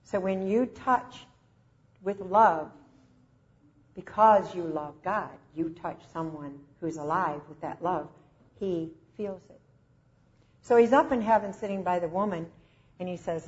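Captured in dull lo-fi audio, this sermon comes from a woman preacher with a fairly low voice who speaks in a slow, emphatic, emotional way.

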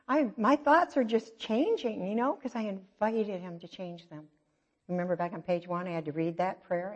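Preaching in a big hall that leaves a long echo, this middle-aged church speaker has a typical female pitch and a slightly rough voice. Her sermon is chatty and self-deprecating, woven with stories and quick asides, and the recording is dull and lo-fi.

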